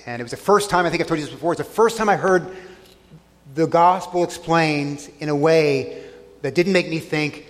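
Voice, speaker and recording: A middle-aged man preaching a sermon to a congregation, earnest, often dropping soft and low on key lines. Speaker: pastor. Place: church sanctuary. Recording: long church hall reverb.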